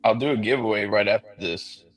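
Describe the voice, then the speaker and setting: A man's voice: on the low side, a little fast, soft background music. A man hosting a live stream, chatting casually in an easygoing way. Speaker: stream host.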